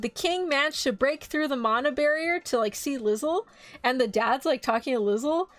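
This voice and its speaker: Animated woman streamer, slightly high voice. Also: dry recording, soft background music. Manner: animated, swears freely, acts out quotes in quick voices. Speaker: VTuber streamer. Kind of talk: casual live-stream anime recap.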